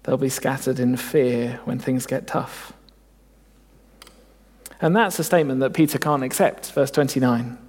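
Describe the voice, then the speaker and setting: A man's voice: medium pitch, measured pace, long pauses, darkish tone, long reverb tail. A man preaching a sermon, earnest and reflective, often asking his listeners rhetorical questions.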